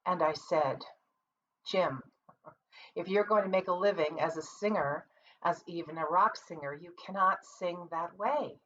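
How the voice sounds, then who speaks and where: A woman who is a music teacher and conductor, calmly explaining vocal technique in an online singing lesson, seated at her computer. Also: lowish voice, measured pace, slight background noise. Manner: calm, explanatory, practical. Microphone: computer mic. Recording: distant, dull lo-fi computer audio.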